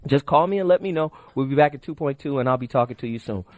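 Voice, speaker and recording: A man's voice: medium pitch, quick pace, darkish tone, a little hiss or hum. A middle-aged man hosting a radio call-in show, loose and brash, telling stories and pushing the phone number. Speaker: radio talk show host. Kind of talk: late-night radio call-in talk. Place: radio studio. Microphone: studio microphone.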